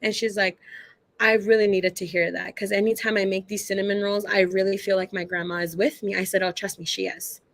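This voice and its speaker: A woman's voice: mid-range voice, little pitch movement, brisk. A woman who works as a psychic medium, telling stories as a guest in a casual, chatty way. She uses lots of fillers and acts out the dialogue in her stories. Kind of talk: casual storytelling.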